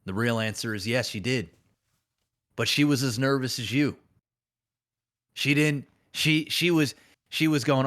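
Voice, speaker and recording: A man co-hosting a casual gaming podcast, telling an animated story that acts out a made-up scenario. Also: mid-range voice, unhurried, pauses often. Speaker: podcast co-host.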